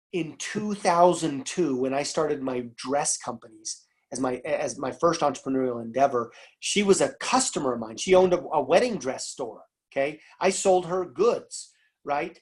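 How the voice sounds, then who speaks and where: Animated man telling a sales story. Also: fairly high pitch. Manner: storytelling, acts out both sides of a phone call in quoted voices; animated, emphatic, addresses audience as guys. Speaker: network marketing speaker. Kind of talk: casual motivational talk.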